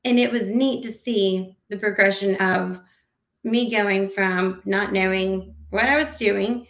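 A podcast guest with a medium-pitched voice speaks slowly in an echoey room. Casual and animated, she acts out conversations she's quoting and rambles, frequently using fillers and restarting her sentences.

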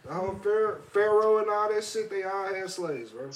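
A man's voice: high voice, animated, fairly quick, recorded from a distance. A man in a casual podcast chat, emphatic, ending lines with "bro.". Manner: emphatic, ends lines with "bro" and "real talk".

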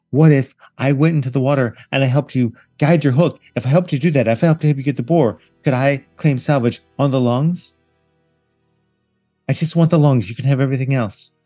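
A man playing a tabletop game, eagerly pitching an idea in character. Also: dark tone, no echo. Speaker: player.

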